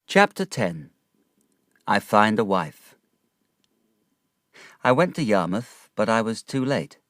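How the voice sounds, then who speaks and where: Slow, lively storybook narrator man. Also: on the low side, no echo, clean studio sound. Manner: slow, clear, careful. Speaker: reader of graded stories.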